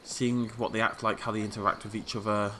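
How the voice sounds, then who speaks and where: Chatty man with a bright voice. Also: lowish voice, flat delivery, brisk, slight background noise. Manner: playful, chatty, talks to the game characters. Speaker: let's play host. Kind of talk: casual gameplay commentary.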